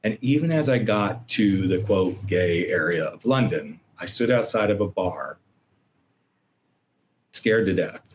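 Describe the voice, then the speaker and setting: A middle-aged man as a podcast guest, telling a personal story in an animated way and acting out his own inner voices. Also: low-pitched, a little slow, lo-fi sound, slight background noise.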